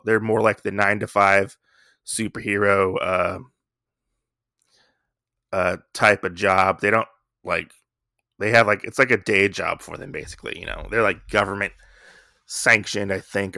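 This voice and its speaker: A man's voice: on the low side, vocal fry, pushed and bright, no room sound, clean studio sound. A young man casually retelling a comic story in a rambling way, with many fillers. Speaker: comic book reviewer. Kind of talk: casual chat.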